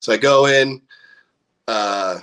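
A man's voice: medium pitch, takes it slowly, clean tone. Young guy telling a profane tour story. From California. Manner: profane, animated storyteller acting out quotes. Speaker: band member. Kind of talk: casual storytelling.

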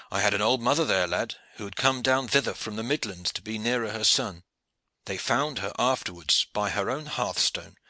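Male reader as a grim, vengeful veteran soldier; gruff, very dry sound. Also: lowish voice, pushed and bright, dry recording.

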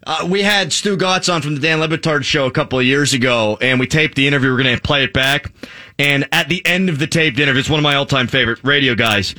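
Brisk, bright-voiced radio host. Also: male voice, medium pitch. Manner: self-mocking anecdotes, quotes himself. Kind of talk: casual radio chat.

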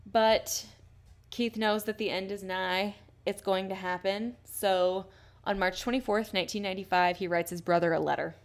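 A woman's voice: mid-range voice, fairly even intonation, normal speed. A woman casually retelling a true-crime case as a podcast host, blunt and swearing freely. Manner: blunt and swears often, reads quotes aloud.

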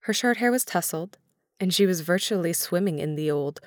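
Low-voiced woman narrating a story. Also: normal speed, no room sound, clean studio sound.

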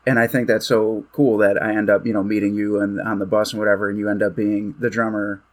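A man with a fairly low voice hosts a relaxed interview. He talks like an eager fan, loose and chatty, with plenty of filler words. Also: fast. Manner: enthusiastic fan, many "like" fillers. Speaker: podcast host. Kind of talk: casual interview chat.

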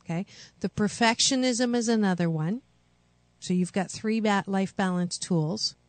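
A woman hosts a radio call-in show and coaches her callers in a slow, unhurried way. Her delivery is soothing and affirming, and the studio sound is dry and close. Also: mid-range voice, no echo.

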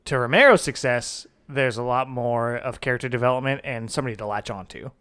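Chill guy with a smooth clear voice, jokey podcast movie talk. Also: mid-range voice, fairly quick, pushed and bright. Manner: laid-back, joking, swears. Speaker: podcast co-host. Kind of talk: casual film discussion.

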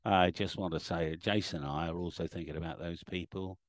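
A middle-aged man, an animated storyteller chatting casually as a livestream guest and acting out the lines he quotes. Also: sits low, fairly quick, no echo, studio quality. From England.

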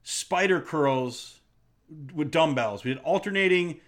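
A man's voice: on the high side, animated, a little slow, fairly bright tone. A middle-aged man hosting a podcast, ranting bluntly and swearing a lot in an exasperated way. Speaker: podcast host. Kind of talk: casual profane rant.

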